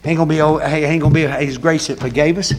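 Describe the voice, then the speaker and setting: A man preaching a sermon with call-and-response that builds into shouting. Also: on the high side, steady tone, fast talker.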